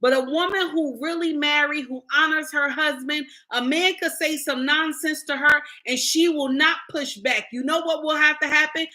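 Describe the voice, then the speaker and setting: A middle-aged woman content creator rants on livestream, bluntly and preachily lecturing and scolding her viewers. Her voice is high-pitched, bright, and forceful, with fairly even intonation, a moderate pace, and hardly any pauses.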